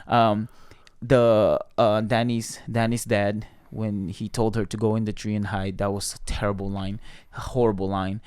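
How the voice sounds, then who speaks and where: A man's voice: fairly low pitch, level tone, normal speed, few pauses, a little mellow, clean tone, no echo. A man co-hosting a podcast, reviewing a movie in casual chat, blunt and opinionated with plenty of fillers. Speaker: podcast co-host.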